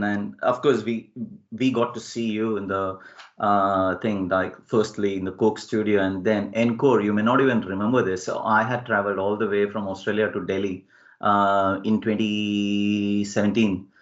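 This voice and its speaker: A man's voice: on the low side, flat delivery, moderate pace. A man hosting a podcast in casual chat, eagerly chiming in with short affirmations. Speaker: podcast host. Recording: slightly muffled audio.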